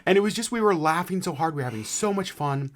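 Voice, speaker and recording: A man co-hosting a casual podcast, telling stories in a rambling, animated way with many restarts. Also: a little high, quick pace. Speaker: podcast co-host. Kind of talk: casual chat. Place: home podcast setup in Alaska.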